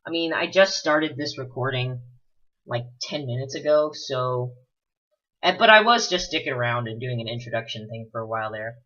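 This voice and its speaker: A man's voice: medium pitch, lively intonation, normal speed, pushed and bright. A man giving rambling, casual let's-play commentary full of fillers and the odd swear word. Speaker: gameplay commentator. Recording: dull lo-fi recording.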